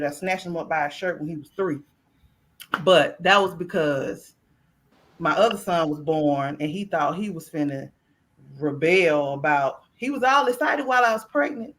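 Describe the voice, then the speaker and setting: A woman hosting a podcast who tells stories from family life in a blunt, profane, animated way, acting out the voices she quotes and laughing often. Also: fairly low pitch. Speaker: podcast host. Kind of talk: casual storytelling chat.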